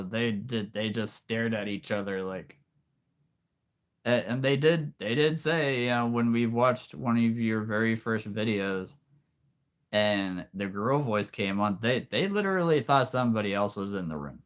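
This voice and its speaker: A man in his late thirties chatting casually with viewers on a live stream, easygoing and quick to laugh. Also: lowish voice. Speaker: streamer and voice performer.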